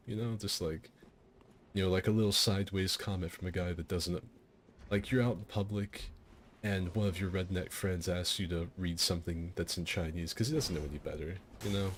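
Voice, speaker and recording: A low-voiced man hosts a game fight night stream, chatting casually. He rambles, restarts his sentences and laughs at his own stories. A faint hum of noise sits under his voice. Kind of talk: casual storytelling over gameplay.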